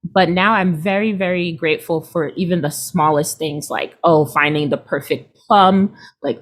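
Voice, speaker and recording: A woman's voice: sits low, moderate pace, few pauses. A woman in her thirties, a guest in an interview, talking casually and animatedly, often acting out what other people said. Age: 30s. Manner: chatty, animated, quotes people in put-on voices, laughs often.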